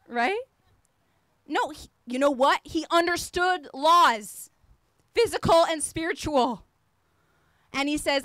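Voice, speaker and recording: A woman's voice: high-pitched, animated, slow, pauses often, fairly bright tone, dry recording. A woman apostle preaching a sermon, fervent and emphatic, repeating phrases as she exhorts her listeners.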